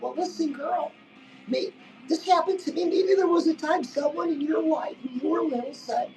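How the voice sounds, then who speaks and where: A woman's voice: high voice, moderate pace, a little mellow, distant mic, a little hiss or hum, low-quality recording. A woman giving a chatty live-stream pep talk as a life coach, keeps calling the listener "girl" and saying "listen".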